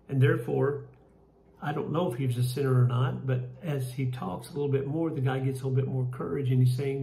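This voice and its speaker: Gravelly man teaching a Bible study. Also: mid-range voice, steady tone, mellow, roomy sound, a little hiss or hum, poor audio. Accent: Kentucky. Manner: folksy, halting, many fillers and restarts. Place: church room.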